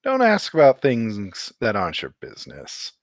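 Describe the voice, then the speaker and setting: A genteel, guarded gentleman adventurer with clipped, proper speech, played by a man. His pitch swings widely, and his voice is dry and close to the mic. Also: wildly swooping pitch, moderate pace, no echo. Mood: brisk. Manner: clipped, genteel, politely evasive. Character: polished, secretive male adventurer, proud and guarded.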